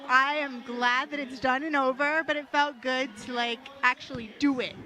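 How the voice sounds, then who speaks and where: Young woman, contestant guest, short cheerful answers, high bright voice, faint music. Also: fairly even intonation, moderate pace, low-quality recording. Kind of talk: live backstage interview.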